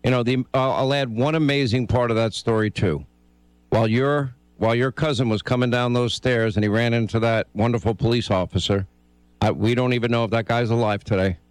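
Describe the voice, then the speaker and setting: A male radio talk host speaking with urgency and force as he comments on politics. His voice is mid-pitched and close, with a dry studio sound. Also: fairly even intonation, brisk, smooth, dry recording.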